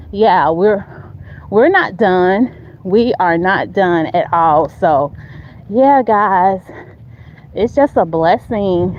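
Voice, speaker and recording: A woman's voice: fairly high pitch, lo-fi sound, slight background noise. A woman giving a motivational faith talk on a walk, emphatic and repetitive like a preacher, recorded on a phone.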